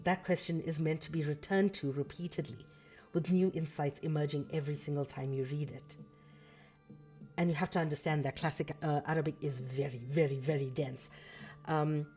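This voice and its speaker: A woman's voice: low voice, dark tone. A woman hosting a casual livestream, reading a book and talking it through thoughtfully, with fillers and self-corrections and a slightly scratchy throat.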